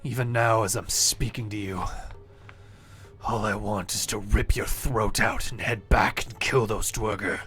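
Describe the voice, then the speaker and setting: A man's voice: fairly even intonation, measured pace, fairly bright tone, faint music behind. A man doing a broken, despairing warrior. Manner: low strained voice, breaking into screams. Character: wounded despairing male warrior, broken and suicidal.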